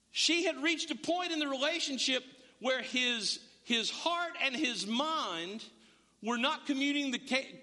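A male pastor with a very high-pitched voice preaches a conversational sermon, animatedly acting out small dialogues and putting questions to the congregation. A long reverb tail trails his words.

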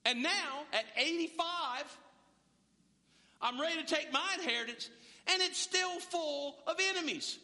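Guy doing a cocky old warrior, 85 and mad, high bright voice. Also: unhurried, exaggerated voice. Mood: indignant. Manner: boastful, indignant. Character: defiant 85-year-old man, warrior, fierce. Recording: long hall reverb.

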